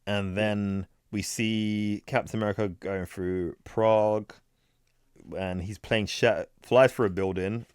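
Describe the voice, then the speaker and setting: A man casually retelling a comic book plot as a podcast co-host, rambling and slipping quickly into characters' lines. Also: lowish voice, fairly even intonation, clean tone, no room sound, studio quality.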